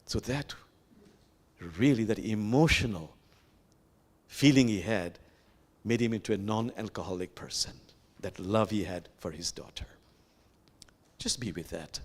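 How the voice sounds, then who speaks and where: An older man with a Bangladeshi accent, leading a reflective sermon as an imam and telling stories gently, with pauses and fillers. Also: lowish voice. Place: sanctuary.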